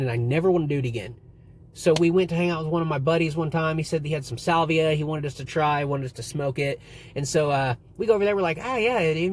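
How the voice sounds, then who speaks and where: A man's voice: a little high, slight background noise. A young man casually vlogging and telling stories in a rambling way, with lots of swearing. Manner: rambling, swearing, animated retelling. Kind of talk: casual storytelling to camera.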